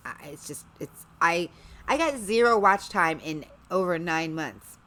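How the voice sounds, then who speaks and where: A woman's voice: fairly low pitch, lively intonation, unhurried, fairly bright tone. A woman hosting a livestream, chatting casually in a rambling way with sarcastic asides. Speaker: livestream host.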